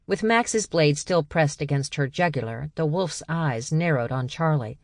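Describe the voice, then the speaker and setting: A woman's voice: deep voice, expressive, a little slow, few pauses, no room sound. Woman reading an audiobook, dry sound. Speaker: audiobook narrator. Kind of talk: scripted narration. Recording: dry close studio sound.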